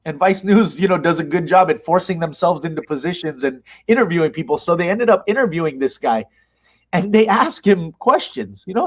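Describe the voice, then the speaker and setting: A man's voice: on the high side, expressive, brisk. A man being interviewed, speaking in an impassioned, emphatic way and retelling events with animation. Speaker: interview guest, mosque leader. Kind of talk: conversational interview.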